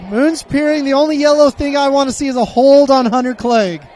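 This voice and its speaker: A man's voice: very high voice, fairly even intonation, brisk, darkish tone. A man in his thirties giving color commentary on a football game, joking with wry asides. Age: 30s. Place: stadium press box.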